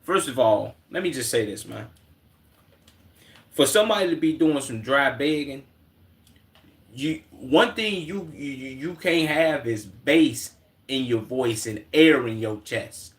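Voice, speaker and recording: A man's voice: mid-range voice, animated, a little slow. Laid-back slangy young male streamer. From Chicago. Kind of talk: casual reaction stream.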